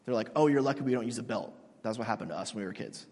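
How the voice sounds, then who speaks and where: A man's voice: medium pitch, very fast, a little mellow. A man in his thirties preaching a sermon, telling stories in a casual, joking way with many restarts. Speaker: pastor. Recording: long hall reverb.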